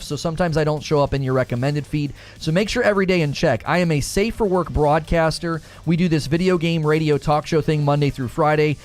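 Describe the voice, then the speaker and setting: Argumentative male gaming streamer. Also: fairly high pitch. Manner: argumentative, animated, answers chat directly. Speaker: gaming streamer, talk show host. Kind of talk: live-stream chat talk.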